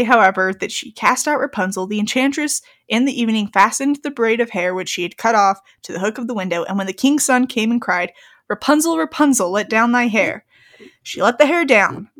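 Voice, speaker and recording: Reading a fairy tale's old-fashioned text aloud, this young co-host giggles and breaks off to joke about it. Her voice is fairly high-pitched with a fairly bright tone.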